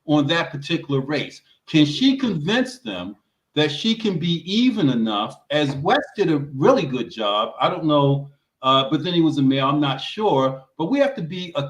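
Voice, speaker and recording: A man's voice: fairly high pitch, sing-song, normal speed. A man giving emphatic political commentary on a roundtable, often repeating words as he starts a point. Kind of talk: roundtable discussion. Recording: roomy echo.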